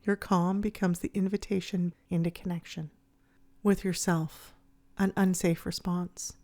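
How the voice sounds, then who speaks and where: A woman hosting her podcast, narrating in a calm, gentle, measured way. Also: lowish voice. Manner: gentle, soothing, measured delivery. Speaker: podcast host.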